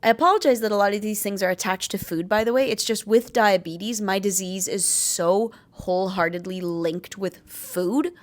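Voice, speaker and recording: A woman's voice: medium pitch, normal speed, few pauses. A young adult woman vlogger giving candid, blunt advice on living with chronic illness, swearing freely and stressing her points. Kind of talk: candid talking-to-camera advice.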